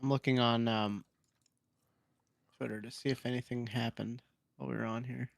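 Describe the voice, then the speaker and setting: A man's voice: medium pitch, flat delivery, normal speed, creaky, no room sound. A man hosting a casual gaming podcast, reading forum posts aloud with laughing asides. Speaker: podcast host.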